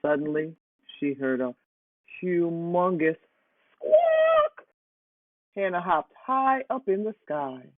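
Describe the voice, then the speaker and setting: A playful storyteller reading a children's picture book aloud, taking it slowly. The voice rises and falls with lots of expression. It sounds tinny and phone-like, close and dry. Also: mid-range voice, no echo. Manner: slow, animated, playful. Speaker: storybook reader.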